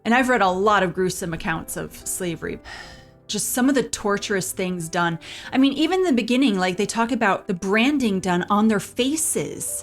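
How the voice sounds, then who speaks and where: A woman talking earnestly through her book reviews, often sighing and repeating herself for emphasis. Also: mid-range voice.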